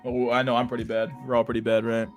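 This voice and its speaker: A man's voice: mid-range voice, completely flat delivery, fast, faint music behind. A man hosting a casual livestream chat, rambling and crude, packed with internet slang. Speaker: livestream host.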